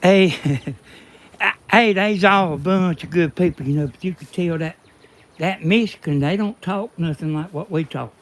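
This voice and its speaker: A man's voice: high voice, normal speed, a bit bright, slight background noise. A man from Georgia with a Southern accent filming outdoors, joking and rambling to his viewers. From Georgia, USA. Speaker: vlog cameraman and co-host. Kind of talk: casual vlog chat to viewers. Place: outdoor garden. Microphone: camera he holds.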